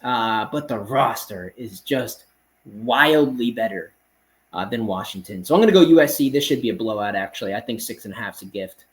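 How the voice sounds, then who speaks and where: A man's voice: on the low side, animated, a little fast, poor audio. A man hosting a casual betting picks show, running through games in a confident, blunt, brash way and often calling his listeners man. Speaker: sports betting picks host. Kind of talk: casual rapid-fire betting picks monologue.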